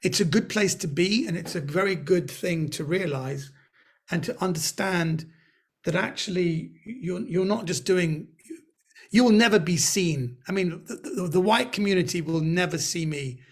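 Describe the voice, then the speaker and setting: A man with a London accent telling stories in a webinar interview, lively and acting out the people he quotes. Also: high-pitched, normal speed, husky. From Britain. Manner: animated storyteller, acts out quoted voices. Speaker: guest comedian. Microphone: video call.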